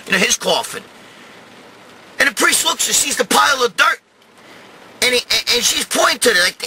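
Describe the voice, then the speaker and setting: Loud, profane New York Italian man. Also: extremely high pitch, very animated, normal speed, long pauses, a little hiss or hum, low-quality recording. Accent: New York Italian-American. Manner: profane, rambling, swings to loud shouting. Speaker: show host telling a story. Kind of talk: crude comic storytelling monologue.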